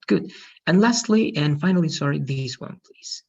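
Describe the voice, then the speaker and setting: Patient teacher on a husky, muffled call. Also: medium pitch, lively intonation, moderate pace. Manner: patient, correcting pronunciation. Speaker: English teacher. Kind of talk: online language lesson. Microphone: video call.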